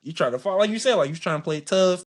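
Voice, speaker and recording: A young man in his late teens or twenties, a podcast guest, talking openly and easily with many pauses and fillers. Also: high-pitched, lively intonation. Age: young adult. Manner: easygoing, candid, halting with fillers. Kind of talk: casual podcast chat.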